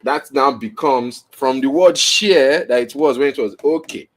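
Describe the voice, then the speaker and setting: A man's voice: medium pitch, a little slow. A man hosting his own podcast, explaining in a rambling, self-correcting way and checking in with "right?" as he goes, recorded on a camera mic indoors. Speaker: podcast host. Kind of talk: casual explainer, teaching on camera.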